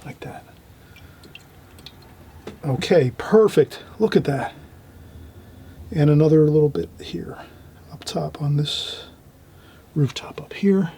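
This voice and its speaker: A man teaching a watercolour painting demonstration, talking gently as he paints and trailing off into quiet asides. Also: fairly high pitch, slow, long pauses, breathy edge.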